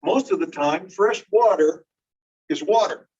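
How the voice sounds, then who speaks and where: A man lectures a class in an explanatory way, pausing to put questions to the students. His voice sits a little high for a man. He is heard from away from the microphone, and the recording sounds dull. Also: animated, a little mellow, breathy edge. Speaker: teacher. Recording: distant, dull room recording.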